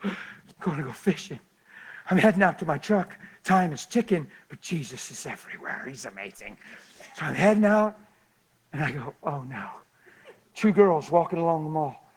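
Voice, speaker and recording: An animated preacher tells a sermon story. His voice sits fairly high, and he swings from loud excitement down to soft, hushed passages. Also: normal speed, husky, poor audio.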